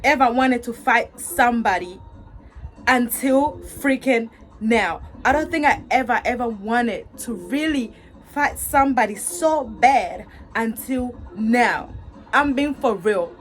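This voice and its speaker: A young woman vlogging a storytime, talking straight to her viewers, repeating herself and swinging between angry outbursts and laughter. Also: a little high. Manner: animated, repetitive, talks straight to viewers. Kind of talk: casual storytime vent.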